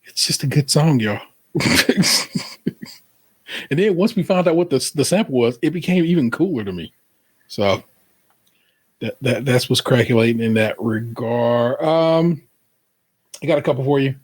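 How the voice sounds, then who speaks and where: A man's voice: mid-range voice, measured pace, pauses often. A man co-hosting a podcast in loose, profane casual chat, telling stories and putting on voices for quotes. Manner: loose, profane, animated storytelling with put-on quotes. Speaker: podcast co-host.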